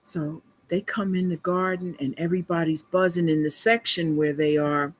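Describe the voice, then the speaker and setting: A middle-aged woman hosting a casual livestream, telling a family story in a chatty, animated way, laughing along and calling her viewers y'all. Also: lowish voice, normal speed. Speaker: beauty consultant livestream host.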